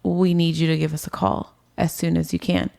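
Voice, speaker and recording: This twentysomething woman's voice sits low, gravelly yet mellow, with a flat delivery and fairly quick pace. Recounting her story to an interviewer, she's casual, says "like" and "um" often, and acts out what others told her.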